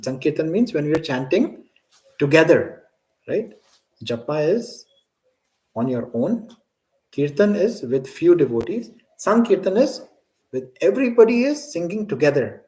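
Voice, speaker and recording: A man's voice: a little high, dark tone, low-quality recording. A man teaching a scripture class, asking students questions and often checking in with "right?".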